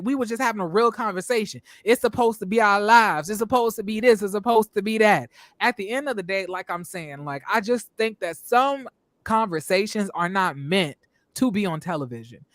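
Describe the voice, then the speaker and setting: A man hosting a casual review show, talking in an animated, emphatic way and acting out what people on the show said. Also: high-pitched, no echo, studio quality. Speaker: show host reviewing reality TV. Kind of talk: casual commentary.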